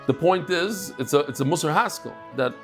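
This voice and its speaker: A man's voice: on the high side, expressive, a little fast, a bit bright, faint music behind. A middle-aged man teaching a daily Talmud class, asking and answering his own questions and bantering with students in the room. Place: classroom with a live audience.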